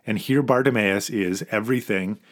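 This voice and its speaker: Earnest pastor preaching casually, low voice. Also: male voice, normal speed. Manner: earnest, informal, emphatic at key points. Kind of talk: conversational sermon.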